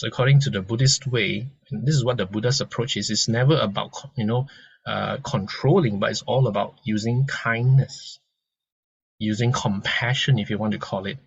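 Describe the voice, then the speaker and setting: A man giving a gentle, conversational dharma lesson, explaining ideas through a story and often restarting his sentences. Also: medium pitch, gravelly, breathy edge, dry recording, dull audio. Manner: gentle and conversational, many restarts and soft laughs. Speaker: dharma teacher. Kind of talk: informal lecture with analogies.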